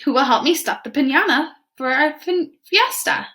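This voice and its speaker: A woman's voice: sits high, animated, normal speed, sharp tone, voice pushed up. A woman voicing a hardworking iguana in a picture book who does everything herself. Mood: determined. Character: determined, hardworking female iguana.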